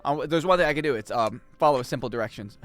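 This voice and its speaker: A man chatting casually and joking with his chat while he plays a game on a livestream, swinging between loud outbursts and mumbled asides. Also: mid-range voice, fast talker, faint music behind. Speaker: game streamer.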